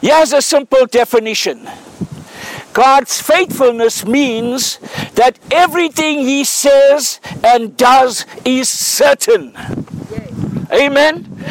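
A male pastor delivers a sermon with a notably high voice and an unhurried, deliberate pace. He tells an illustrative story earnestly and then builds to emphatic, repeated declarations, the way a preacher speaks to a congregation in church. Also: no echo, poor audio.

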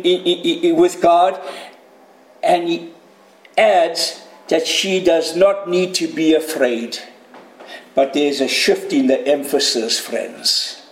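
A man's voice: on the high side, reverberant, low-quality recording. A man preaching a sermon, emphatic and addressing his listeners as friends.

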